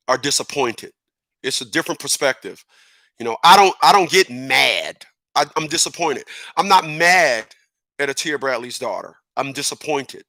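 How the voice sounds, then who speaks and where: Emphatic middle-aged man, bright tense voice. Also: on the high side, no room sound. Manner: emphatic, repeats words while building a point. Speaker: commentator. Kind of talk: casual opinion monologue.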